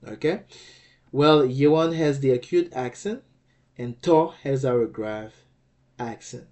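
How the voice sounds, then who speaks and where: Male teacher, mid pitch, unhurried and patient, spells out each syllable and checks understanding often. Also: darkish tone. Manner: patient, repeats and checks with "okay?"; sounds out words syllable by syllable. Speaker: language teacher. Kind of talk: slow explanatory lecture.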